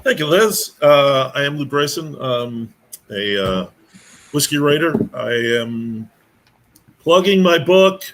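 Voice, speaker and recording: Brief: male writer co-host, slow wry delivery, bright tone. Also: fairly high pitch, animated, poor audio. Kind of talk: casual live-stream chat.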